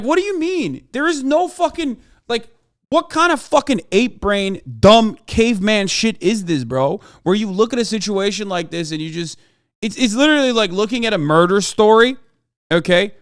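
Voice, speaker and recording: A man's voice: sits high, sing-song, moderate pace, dry recording, studio quality. A man streaming a reaction, arguing heatedly with chat in blunt, profane language. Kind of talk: live-stream reaction rant.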